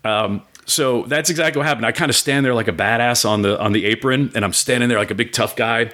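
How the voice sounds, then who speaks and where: A middle-aged man in casual conversation, telling an animated story with swearing and acted-out voices. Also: mid-range voice, fast talker. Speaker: guest, food business owner.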